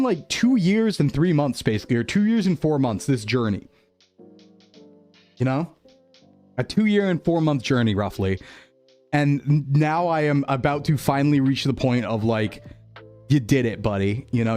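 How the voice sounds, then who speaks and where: This young man streams as a VTuber in a medium-pitched, slightly mellow voice. His reflective, rambling chat is full of repeated phrases and frequent laughter.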